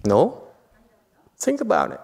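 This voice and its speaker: A man's voice: on the high side, wildly swooping pitch, slow, creaky, darkish tone, slightly rough. A man, a Buddhist master, giving a dharma talk in a monastery hall, emphatic and often questioning his audience. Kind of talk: dharma talk with live interpretation. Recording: long hall reverb.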